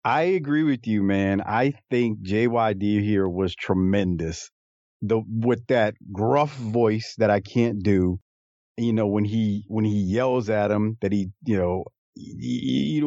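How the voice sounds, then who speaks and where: A man's voice: fairly low pitch, measured pace, mellow, no room sound, muffled recording. A man co-hosting a casual podcast, talking in a rambling, amused way with frequent restarts. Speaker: podcast co-host. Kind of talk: casual chat.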